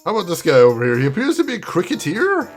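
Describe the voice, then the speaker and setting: A man's voice: high voice, wildly swooping pitch, racing, faint music behind. A man playing through an old adventure game and chatting casually to viewers about it, amused by the jokes. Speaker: game streamer. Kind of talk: let's play commentary.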